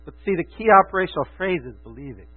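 A fervent male preacher with a high, husky voice who swings between hushed asides and loud, emphatic declarations. The sound is thin and phone-like, with a mains hum underneath. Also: sing-song, rapid-fire. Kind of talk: sermon.

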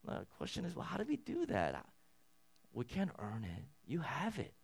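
Earnest male preacher, lively delivery. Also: moderate pace, creaky, husky. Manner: earnest, swings between loud emphatic peaks and soft low passages. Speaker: pastor. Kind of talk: sermon.

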